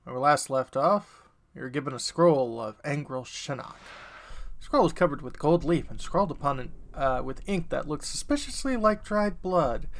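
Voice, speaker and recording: A man's voice: fairly high pitch, lively intonation, normal speed. A man hosting a let's play, reading game text aloud casually with asides and self-corrections.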